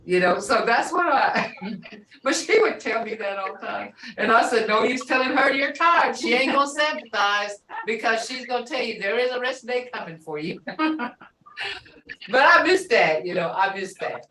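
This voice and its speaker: An older woman teaching a language class in an unhurried, storytelling way, often breaking into laughter. She is heard from some distance in an echoey room, with a faint hiss underneath. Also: a little high, animated, bright, forceful tone.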